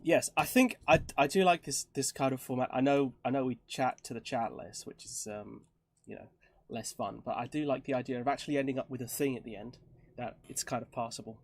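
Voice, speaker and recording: A man's voice: medium pitch, fairly quick, no echo. A man streaming casually while working in a 3D program, often muttering to himself and trailing off with self-mocking asides. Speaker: streamer co-host.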